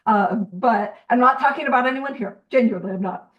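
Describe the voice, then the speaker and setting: A woman's voice: on the high side, fairly quick, far from the mic, lo-fi sound. Chatty woman leading a study group. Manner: chatty, digressive, self-deprecating. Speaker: co-host of a recovery book study group. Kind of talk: casual group discussion.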